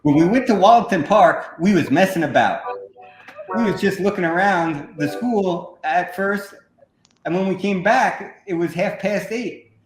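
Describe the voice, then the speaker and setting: A man reading out a schoolchild's statement in an awkward, put-on English accent, higher than his usual voice. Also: animated, measured pace, roomy sound, music in the background, poor audio. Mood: earnest.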